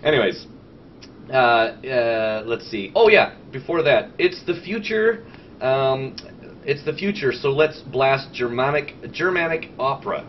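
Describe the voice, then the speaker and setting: A man co-hosting a casual gaming podcast, rambling and animated, swearing often and stalling with fillers. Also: mid-range voice, measured pace. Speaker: podcast host. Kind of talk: casual chat. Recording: dull lo-fi sound with faint noise.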